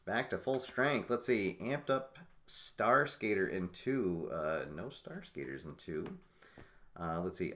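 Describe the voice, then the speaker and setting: Slow, low-voiced man calling a tabletop derby game. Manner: slow, musing commentary with many fillers, bursts of excitement. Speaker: host playing a tabletop roller derby game. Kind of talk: play-by-play commentary of a solo game.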